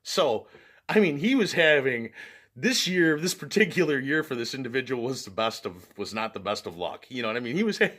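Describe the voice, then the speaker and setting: Lively man telling a funny story. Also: medium pitch, brisk. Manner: laughs often while telling the story, fillers like "like" and "you know". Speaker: vlogger. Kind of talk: casual storytelling.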